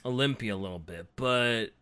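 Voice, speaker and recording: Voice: mid-range voice, moderate pace, sharp tone, clean tone. A podcast co-host chatting casually, reacting with slangy exclamations and asking eager follow-up questions. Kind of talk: casual chat.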